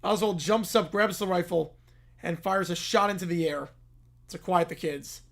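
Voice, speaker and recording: A man's voice: high voice, normal speed, gravelly, a bit bright. A man hosting a live stream, rambling, laughing and interrupting himself as he improvises a story. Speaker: streamer host.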